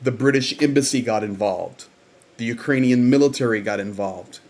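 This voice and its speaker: A man's voice: mid-range voice, moderate pace, a little mellow. A man hosting a livestream update who tells events in an earnest, storytelling way. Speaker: host.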